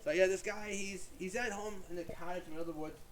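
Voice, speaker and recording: A man's voice: high voice, fairly even intonation, fast talker, noisy background. A young man chatting casually at home, retelling an old tale in a rambling way with lots of fillers and restarts. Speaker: YouTube creator. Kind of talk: casual storytelling monologue.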